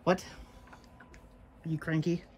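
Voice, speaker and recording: A woman vlogging casually at home, rambling excitedly and chatting to her pets. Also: low-pitched, slow, breathy edge. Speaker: daily vlogger. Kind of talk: casual rambling vlog chat. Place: at home, yard and indoors.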